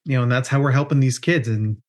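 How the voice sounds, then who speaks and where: A man's voice: mid-range voice, fast. A man in his thirties hosting a podcast, upbeat and joking, often tagging "right?" onto his points. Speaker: podcast host. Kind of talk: casual podcast chat.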